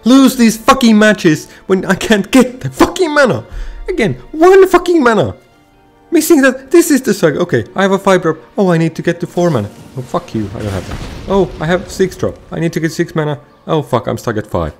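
A man's voice: high voice, sing-song, brisk, hardly any pauses, soft background music. Furiously ranting gamer man. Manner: swearing constantly, frustrated, repetitive. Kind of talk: ranting gameplay commentary.

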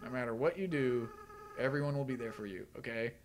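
A man's voice: mid-range voice, slight background noise, lightly acted. Asriel, a man reading as a tearful monster boy. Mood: sad. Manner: soft, earnest, halting reading of game dialogue. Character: remorseful young goat-monster boy, tearful.

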